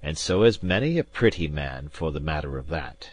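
Audiobook: deep male reader as a proud, fiery Jacobite gentleman, forthright, dry close sound. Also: animated, normal speed, no room sound. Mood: wry.

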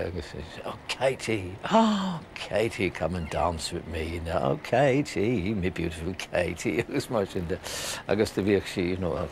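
Older Irish storyteller, low gravelly voice, hesitant and chuckling. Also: male voice, slight background noise. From Ireland. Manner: chuckling, hesitant with many fillers. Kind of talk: casual reminiscing in Irish and English.

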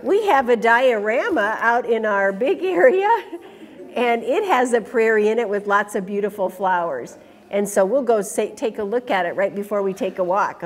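A woman reading a picture book aloud to children in an animated way, stopping to ask them questions. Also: medium pitch. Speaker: storytime reader.

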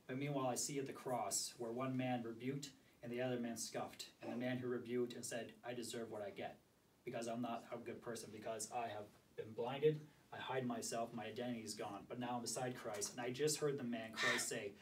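A man with a hoarse voice giving a sermon to a small group, reading scripture aloud and asking for volunteers. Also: mid-range voice, steady tone, fairly quick. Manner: asks the group questions, reads scripture aloud. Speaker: preacher. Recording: distant mic with faint background noise.

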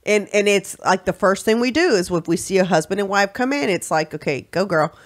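A woman co-hosting a podcast, telling stories in a lively way and acting out the people she quotes. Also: medium pitch, fairly quick. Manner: animated storyteller, acts out quoted voices. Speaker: podcast co-host and shop owner. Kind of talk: casual chat.

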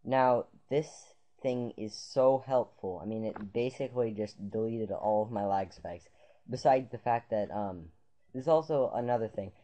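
A man's voice: lowish voice, a little slow, mellow, a little hiss or hum. A man talking viewers through a computer tutorial in a loose, rambling way, full of "um"s, "uh"s and restarts. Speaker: tutorial maker. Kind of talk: casual screen-capture tutorial. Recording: dull lo-fi sound.

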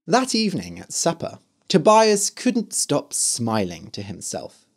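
A man narrating a scripted story for learners, slowly and expressively. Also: a little high. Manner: slow, clear and expressive.

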